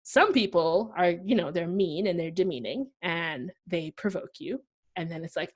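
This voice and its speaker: A young woman from Pakistan talks as a podcast guest, her voice sitting a little low for a woman. She tells her story with energy, slipping into the voices of the people she quotes. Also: expressive, moderate pace. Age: young adult. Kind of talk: conversational podcast interview.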